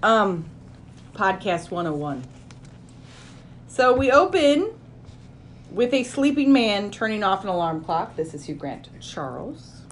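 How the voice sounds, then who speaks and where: A woman's voice: medium pitch, very animated, slow, pauses often, slight background noise. Playful woman hosting a casual podcast. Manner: playful, laughs through her lines. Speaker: podcast host. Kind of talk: casual podcast chat, reading out reviews.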